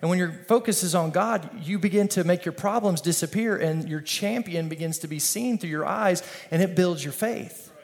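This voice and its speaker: Pastor, man, slightly high voice, energetic conversational sermon, call-and-response. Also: moderate pace, vocal fry, few pauses.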